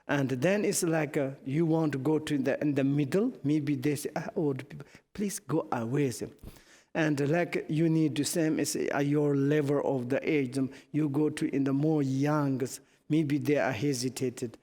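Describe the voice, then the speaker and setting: A middle-aged man with a Tibetan accent, a Buddhist teacher giving a dharma teaching in halting non-native English, telling anecdotes with chuckles. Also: fairly high pitch, fairly even intonation, mellow. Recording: long reverb in a hall.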